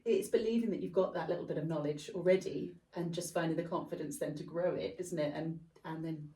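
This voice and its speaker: A woman co-host with a lowish, mellow voice, speaking in a reflective way and asking open questions. Her voice sounds distant and roomy, as if she is sitting away from the mic in an echoey space. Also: steady tone, fairly quick. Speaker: podcast co-host. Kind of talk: casual interview chat. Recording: echoey room, far from mic.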